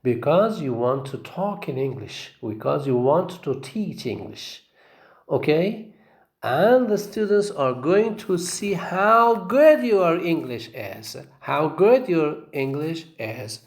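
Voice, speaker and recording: A man lectures slowly and emphatically, repeating key phrases and checking in with his listeners. His pitch rises and falls in lively swings. The room around him is echoey. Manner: repetitive, emphatic, frequent "okay?" checks. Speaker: phonetics lecturer. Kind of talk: recorded lecture.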